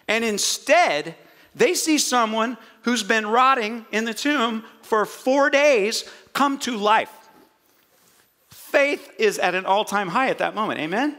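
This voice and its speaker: A male pastor preaching, his voice a little high and bright. He tells the story with animated energy and drops in jokey asides along the way. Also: measured pace. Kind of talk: sermon.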